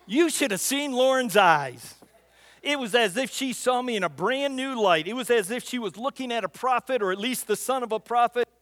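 A man's voice: sits high, clean studio sound. A man preaching a sermon, telling stories with a folksy storyteller's manner and often repeating the first word of a phrase. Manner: storytelling, builds loud for punchlines; repeats words when starting phrases. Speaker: pastor. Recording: long hall reverb.

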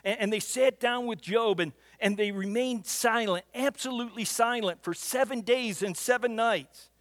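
This man's extremely high voice moves at a moderate pace as he preaches, spinning folksy stories, swelling loud at the punchlines and repeating opening words of phrases. He's a pastor, and the studio-quality recording carries a long hall reverb.

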